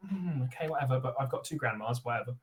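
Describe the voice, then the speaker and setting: Man co-host; meandering, hesitant delivery, animated intonation, wry. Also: mid-range voice, fast talker. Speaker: podcast co-host. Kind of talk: casual chat.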